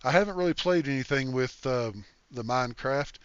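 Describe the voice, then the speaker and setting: A man's voice: medium pitch, moderate pace, smooth, no room sound, highs cut off. An older man hosting a casual game livestream, reading chat aloud in an easygoing, folksy way and thanking viewers.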